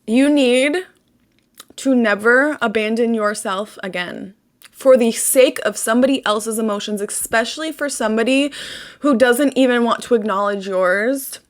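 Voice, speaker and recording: A woman's voice: on the high side, a little slow. A young woman hosting her own channel, ranting bluntly and emotionally, swearing often and repeating phrases for emphasis. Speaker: channel host. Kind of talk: emotional personal rant.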